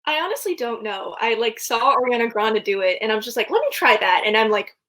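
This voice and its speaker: A woman's voice: on the high side, lively intonation, fairly quick, a bit bright. A young woman guest on a video podcast, answering casually and hesitantly with many ums. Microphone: video call.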